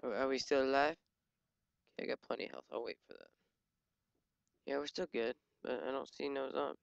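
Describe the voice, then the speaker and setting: Excitable let's-play gamer, dry sound. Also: medium pitch, a little fast, gravelly, smooth, no room sound, dull audio. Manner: excitable, yelps and jokes at enemies. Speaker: gaming channel host. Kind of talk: live let's-play commentary.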